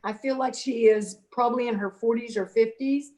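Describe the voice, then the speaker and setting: A woman's voice: a little high, fairly even intonation, moderate pace, a little mellow. A woman giving psychic readings in a casual, chatty way, calling the viewer honey. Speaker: psychic reader. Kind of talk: casual livestream reading chat.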